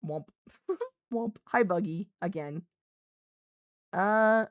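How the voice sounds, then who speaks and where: A woman's voice: medium pitch, expressive, moderate pace, no room sound. Casual, swearing young woman streamer. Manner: swears freely, laughs often, scolds her cat mid-sentence. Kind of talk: casual live-stream chat.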